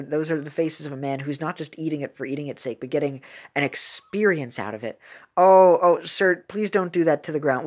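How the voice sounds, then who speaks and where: A woman giving casual, rambling reaction commentary on videos, excitable and often stumbling over her words. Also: low-pitched.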